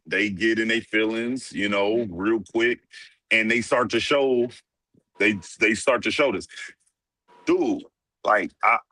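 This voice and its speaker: A man's voice: lowish voice, pushed and bright, no room sound. A man co-hosting a sports podcast, talking casually and emphatically, often repeating words as he starts a point. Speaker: podcast co-host.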